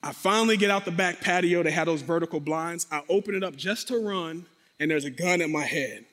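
A man's voice: a little high, brisk. A man telling a dramatic personal testimony, speaking directly to his audience and acting out sound effects. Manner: animated, acts out sound effects and quotes. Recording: long reverberant hall.

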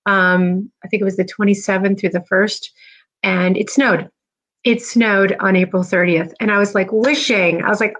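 A woman's voice: medium pitch, moderate pace, a bit bright. Chatty rambling middle-aged woman host. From New Jersey. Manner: chatty and rambling, lots of fillers. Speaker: podcast host. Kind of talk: casual live-stream chat.

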